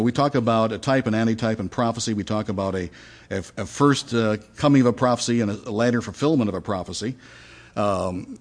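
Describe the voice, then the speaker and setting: Male pastor giving an easygoing sermon, mid-pitched voice, conversational with asides. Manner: conversational, with fillers and restarts.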